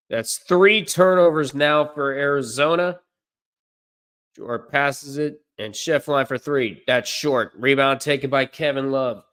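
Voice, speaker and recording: A man doing amateur play-by-play commentary on a livestream, unpolished and correcting himself, with deadpan asides. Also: mid-range voice, a little slow, clean tone.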